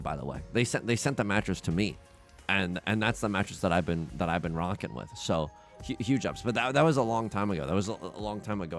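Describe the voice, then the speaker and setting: A young man talks casually over a game, his pitch jumping up and down as he tells stories and breaks off mid-sentence to restart. He laughs at his own jokes and slides between anecdotes and play-by-play. Faint music plays underneath. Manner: rambling storyteller, self-interrupting, laughs at his own stories. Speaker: let's play host. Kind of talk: casual gameplay commentary.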